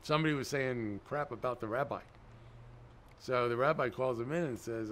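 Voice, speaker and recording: A man's voice: medium pitch, moderate pace, slight background noise. A middle-aged man, a guest in an interview, telling stories and acting out the dialogue he quotes. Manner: animated storyteller, acts out quoted dialogue. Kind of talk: storytelling in a conversational interview.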